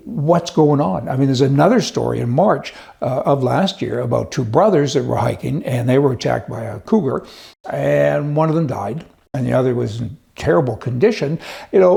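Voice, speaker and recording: A man's voice: mid-range voice, normal speed, gravelly, dark tone. A man giving opinionated news commentary in a folksy, emphatic, chatty way. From United States.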